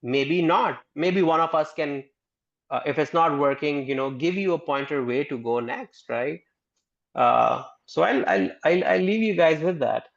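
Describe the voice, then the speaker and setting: A man's voice: on the high side, measured pace, gravelly. Earnest man on dull video call audio. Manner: earnest, repeats words when starting. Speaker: therapist and book club co-host. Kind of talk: casual discussion on a video call.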